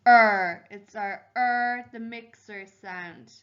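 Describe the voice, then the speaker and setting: A woman teacher talks very slowly and clearly, breaking words into syllables and spelling them out letter by letter for small children. Her voice sits a little high, and the recording is dull and lo-fi. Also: a bit bright. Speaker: primary school teacher. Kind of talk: home learning phonics lesson.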